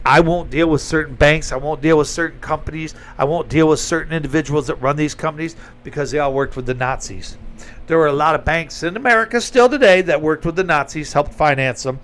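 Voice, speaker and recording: A man's voice: fairly high pitch, a bit bright. A man giving a blunt, emphatic opinion monologue with sarcastic asides, talking straight to his audience. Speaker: commentator.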